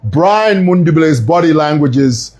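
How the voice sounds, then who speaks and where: A man giving casual political commentary, emphatic and animated, telling stories with frequent asides. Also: on the high side, normal speed. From Zambia.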